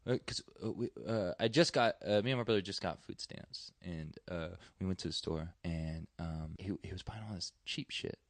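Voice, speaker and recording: A man's voice: sits low, normal speed, few pauses, no echo. Casual, swearing Texan man on a podcast. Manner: profane, rambling, with many fillers. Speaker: stand-up comedian guest.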